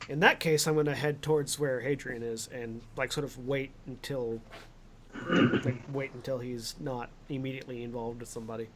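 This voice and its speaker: A man playing a tabletop game, speaking in a halting, questioning way. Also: medium pitch, fairly even intonation, heavy background noise. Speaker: player. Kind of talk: casual chat at a game table.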